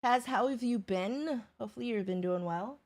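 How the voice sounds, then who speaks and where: A woman's voice: fairly high pitch, moderate pace, a little mellow. A woman streamer in casual chat, greeting viewers by name and talking loosely with them. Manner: chatty, talks to viewers by name. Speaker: livestreamer.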